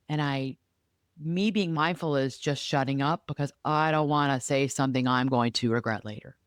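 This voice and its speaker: Hosting her podcast in quick, emphatic bursts, this therapist and life coach keeps things casual and animated. She has a very deep voice, captured as clean studio sound with no room sound.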